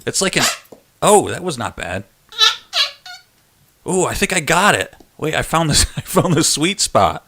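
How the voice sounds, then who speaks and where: A man's voice: on the high side, very animated, a little slow, pauses often, bright, forceful tone. A man hosting a casual live chat stream, joking and laughing with viewers as he reads their messages. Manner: chatty and joking, laughs often.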